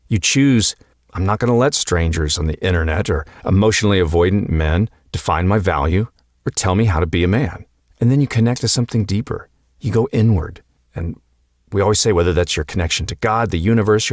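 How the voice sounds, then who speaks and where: Earnest guy coaching, lowish voice, dry close mic, slows down on key words. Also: no echo. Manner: calm, earnest, encouraging, with slow emphatic pauses. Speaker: podcast host and coach. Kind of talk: reflective motivational talk.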